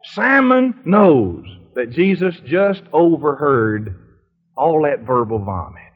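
Lively, high-voiced preacher telling a story. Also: male voice, slow pace, husky. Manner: dramatic retelling with questions to the congregation. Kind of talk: storytelling sermon. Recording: dull lo-fi recording.

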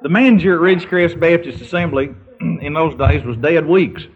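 An older man recounts silly anecdotes in a loose, folksy manner. His voice sits high for a man. The recording sounds muffled and lo-fi. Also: normal speed, husky. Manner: folksy anecdotal storyteller, breaks into sung bits and laughter. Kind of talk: humorous storytelling. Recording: dull lo-fi recording.

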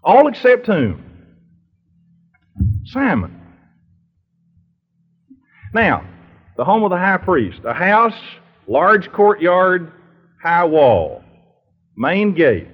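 A male preacher who retells a story with drama and keeps asking his listeners questions. His voice sits high and leaps animatedly up and down. It sounds slightly husky, heard on a dull, lo-fi recording. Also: wildly swooping pitch, very slow, pauses often. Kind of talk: storytelling sermon.

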